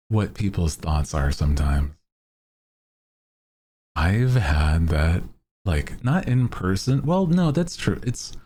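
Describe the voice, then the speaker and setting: A male VTuber streamer in laid-back casual chat, greeting viewers by name and chuckling often. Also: mellow. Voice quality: deep voice.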